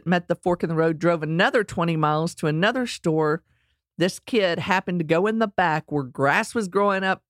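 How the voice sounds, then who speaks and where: A middle-aged woman telling a personal story in a casual, animated way, acting out quotes and laughing along. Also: sits low, dry recording, clean studio sound.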